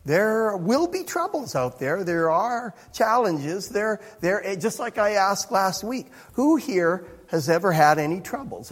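A man's voice: high voice, slightly rough. A man preaching a sermon as pastor, in a conversational, self-interrupting way with chuckling asides. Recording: reverberant hall.

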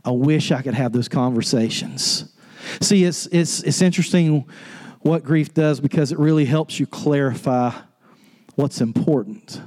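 A pastor preaching an earnest sermon on grief, rising to an impassioned pitch. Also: male voice, unhurried. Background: soft guitar music.

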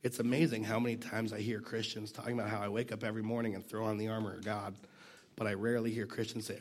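Husky low-voiced man teaching scripture. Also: little pitch movement, quick pace. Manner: conversational, self-deprecating, drops to near whisper at times. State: coughing. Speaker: Bible teacher. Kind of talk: casual devotional teaching.

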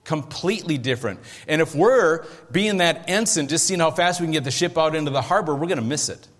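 A man's voice: a little high, animated, brisk, a bit bright. A man preaching a sermon as pastor, in a conversational way, often checking that his listeners are following. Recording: long hall reverb.

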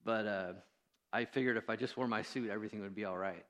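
A male pastor with a lowish, slightly bright voice preaches fast in a reverberant church hall. His sermon is conversational and full of fillers, with jokes at his own expense and acted-out lines from people in his story.

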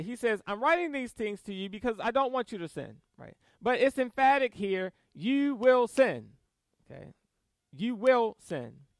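A man preaching a sermon, emphatic and animated, reading verses and adding quick asides with soft laughs. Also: high-pitched, no echo. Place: church service.

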